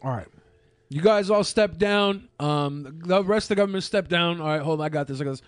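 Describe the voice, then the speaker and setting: A man's voice: on the high side, fairly quick, smooth, dry recording, voice pushed down, lightly acted. A man doing a mock impression of a smug, scheming male strongman leader who taunts and threatens.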